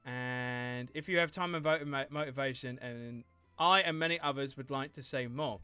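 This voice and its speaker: A man's voice: high-pitched, pushed and bright, clear, resonant tone, dry recording. A man chatting playfully with his viewers while he livestreams a game, teasing and laughing often. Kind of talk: casual gaming stream chat.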